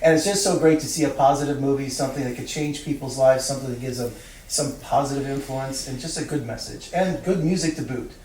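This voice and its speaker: A man's voice: medium pitch, fast, a little mellow. A man interviewing a film director, effusive and chatty, with fillers and praise. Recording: echoey room, distant mic, faint noise.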